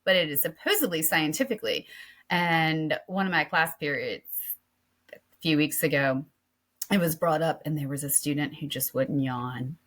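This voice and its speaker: A woman's voice: low voice, moderate pace, a bit bright. A middle-aged woman co-hosting a podcast in casual chat, talking in a rambling way and often restarting mid-sentence. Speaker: podcast co-host.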